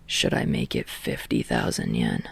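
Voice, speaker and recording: A woman's voice: a bass voice, a little slow, creaky, husky, no echo, voice pushed down, exaggerated voice. A woman voicing a smug, laid-back young male barista who speaks dry and unbothered, half-whispered.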